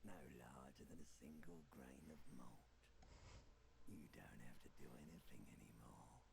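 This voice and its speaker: An actor voicing an ancient male primal brain, a vast, tempting voice speaking in a slow, seductive whisper in a video game. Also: expressive, background noise, heavily acted. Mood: lulling. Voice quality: deep gravelly whisper.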